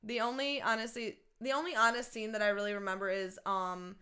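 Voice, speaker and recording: A woman's voice: medium pitch, flat delivery, brisk, bright, forceful tone, clean tone. A woman in her early twenties chatting loosely as a podcast co-host, laughing easily and swearing casually. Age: 20s. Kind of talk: casual chat.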